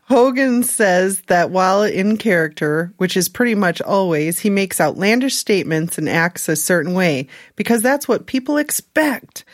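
A woman's voice: mid-range voice, expressive, normal speed, hardly any pauses, no echo, clean studio sound. A woman co-hosting a podcast, reading a news story with chatty asides and laughing at herself. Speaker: podcast co-host.

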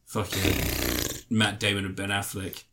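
A man's voice: sits low, measured pace, gravelly, heavy background noise. A man in casual film chat with a friend, jokey and swearing freely. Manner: animated, jokey, swears freely, breaks into laughter.

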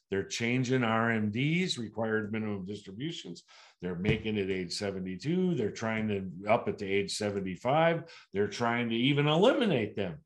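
This is an older man from the United States, speaking as a seasoned sales producer in an interview. He tells his stories with energy, jumping his voice up and down as he acts out what clients and agents say. His pitch sits in a middle range for a man. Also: moderate pace. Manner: animated, acts out client dialogue with big pitch jumps. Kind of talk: animated storytelling in an interview.

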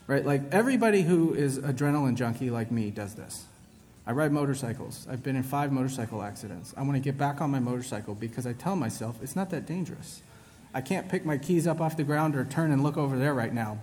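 A man's voice: medium pitch, darkish tone. A man preaching a casual sermon in a reverberant hall. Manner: casual, asks "right?" often, self-interrupting. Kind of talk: conversational sermon. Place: large hall with a congregation.

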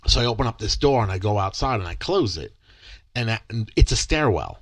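A man's voice: fairly low pitch, a little fast, dry recording. A young man and podcast co-host, telling a story in casual chat and acting out the quoted dialogue with lots of energy. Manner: animated, acts out quoted dialogue.

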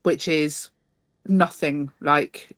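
A woman's voice: low-pitched, steady tone, no echo. Chatty woman, dry close sound. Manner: chatty, self-mocking, quick to laugh. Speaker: podcast co-host. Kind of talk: casual chat.

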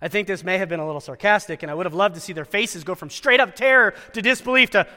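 Animated man preaching in a reverberant hall. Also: high voice, quick pace, hardly any pauses. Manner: animated storyteller with wry asides and dramatic quoted voices. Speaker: chapel speaker at a Christian school. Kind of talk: sermon.

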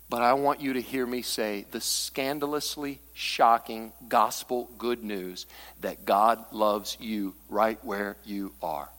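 A male pastor preaching a sermon in a church sanctuary, swinging from hushed asides to fervent near-shouts. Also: mid-range voice. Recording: long reverb of a large church hall.

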